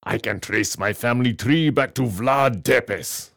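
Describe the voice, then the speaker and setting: A man's voice: mid-range voice, unhurried, vocal fry, a bit bright, no room sound, clean studio sound, pitched above the performer's own voice. A man voicing a vain, theatrical male vampire who declaims melodramatically. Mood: boastful.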